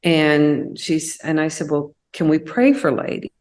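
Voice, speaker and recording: Low-pitched texas woman telling stories, animated, does the voices of people she quotes. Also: a little slow. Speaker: co-host. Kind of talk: casual chat.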